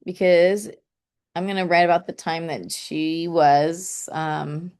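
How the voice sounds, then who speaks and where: A woman's voice: fairly low pitch, level tone, slow, a little mellow, clear, resonant tone. A woman teaching a casual online poetry lesson, chatty and thinking aloud, saying "okay" often and tapping out syllables and stresses.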